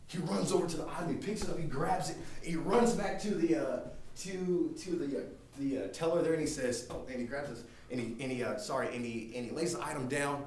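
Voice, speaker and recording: A young man preaching a class sermon and telling a story, often halting and restarting his words. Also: on the high side. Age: young adult. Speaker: student preacher. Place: lecture room. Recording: echoey room, distant mic, faint noise.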